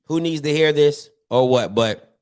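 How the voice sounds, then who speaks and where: A man hosting his own show, ranting casually about sports in an animated, repetitive and mocking way. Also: on the high side, measured pace, smooth. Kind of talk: casual sports rant to camera.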